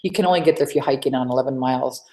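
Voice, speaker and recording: A woman's voice: extremely low pitch, rapid-fire, warm tone. A woman hosting a live coaching webinar from home, chatty and rambling with lots of restarts. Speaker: sales coach and webinar host. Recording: echoey room.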